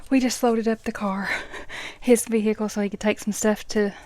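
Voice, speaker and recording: A middle-aged woman chats casually as she counts cash out loud, sometimes dropping into a soft whisper. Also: mid-range voice, steady tone, moderate pace, dry recording. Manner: counts bills aloud, chatty asides, dips into soft whispers. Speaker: budgeting vlogger.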